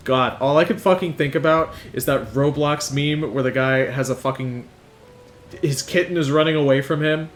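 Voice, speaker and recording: A man's voice: a little high, normal speed, a little hiss or hum. Crude, joking man doing game commentary. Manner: crude, joking, swears a lot. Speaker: let's player. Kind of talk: gaming commentary.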